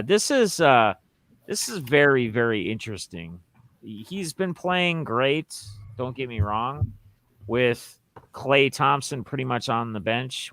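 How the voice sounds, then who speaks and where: A man's voice: mid-range voice, a bit bright, clear, resonant tone, dry recording. A man hosting a casual sports podcast, rambling through opinions and reading out listener questions. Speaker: podcast host.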